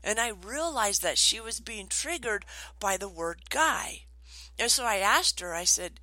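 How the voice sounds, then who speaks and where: A middle-aged woman trainer telling stories in an animated way, acting out the voices she quotes. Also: medium pitch, a little slow, dry recording, low-quality recording. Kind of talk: storytelling talk.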